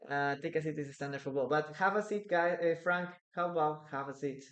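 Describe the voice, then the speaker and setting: A man's voice: fairly high pitch, fairly even intonation, a little fast, a bit bright. A man with a Peruvian Spanish accent teaching English in a live online class, answering viewers' questions from the chat. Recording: echoey room.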